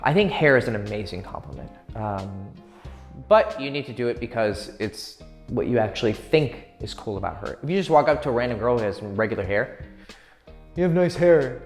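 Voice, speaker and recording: A man's voice: medium pitch, animated. A man with a mid-range voice gives crude dating advice, cocksure and blunt, swearing freely and acting out his lines. The room rings with a long echo, and faint music plays underneath. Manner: brash, crude and swaggering, acts out quick pick-up lines. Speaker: dating coach. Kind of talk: profane, direct dating advice.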